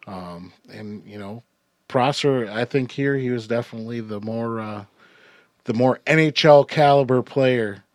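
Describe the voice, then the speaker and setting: A man hosts a laid-back sports podcast, rambling through stories with plenty of fillers and easy laughter. His voice sits at an ordinary middle pitch. The sound is dry and close to the mic. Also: a little slow, no room sound. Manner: chatty, laughs often, many fillers. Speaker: podcast host. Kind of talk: casual sports podcast chat.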